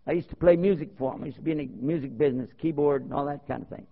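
A man preaching with a fairly high voice and plenty of rhetorical questions. He tells stories animatedly and acts out the dialogue. The sound is dull and lo-fi, like an old tape. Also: rapid-fire, vocal fry. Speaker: Muslim preacher. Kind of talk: sermon with storytelling.

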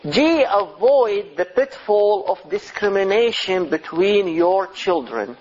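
Man, middle-aged, religious lecturer, higher voice, measured delivery, rhetorical questions. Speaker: Islamic lecturer on parenting. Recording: slightly dull lo-fi recording.

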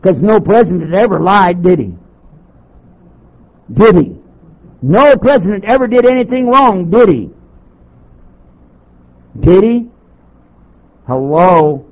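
An older man from Texas, a Muslim chaplain, preaching to an audience with sarcastic, animated storytelling and rhetorical questions. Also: sits high, a little slow, long pauses. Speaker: Muslim chaplain giving a talk. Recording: dull lo-fi tape recording.

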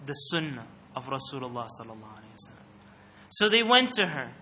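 A man's voice: mid-range voice, big pitch swings, fast talker, pushed and bright, slight background noise. A man giving a religious talk into a microphone to a live audience, often putting questions to the listeners and calling on them. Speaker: speaker giving an Islamic talk.

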